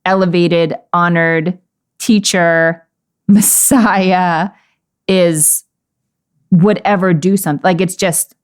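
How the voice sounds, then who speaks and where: A woman's voice: lowish voice, fairly even intonation, slow, clean tone. A woman co-hosting a casual Bible-study podcast, thinking aloud as she goes. She muses through questions and laughs easily between thoughts. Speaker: podcast co-host. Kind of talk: casual discussion of a Bible passage.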